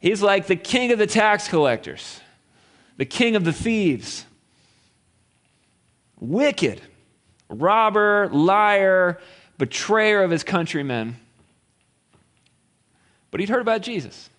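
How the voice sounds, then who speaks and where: A man's voice: high voice, big pitch swings, slow pace, long pauses, fairly bright tone. A man preaching a sermon, retelling a story in a playful way with laughs and acted-out quotes. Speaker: pastor.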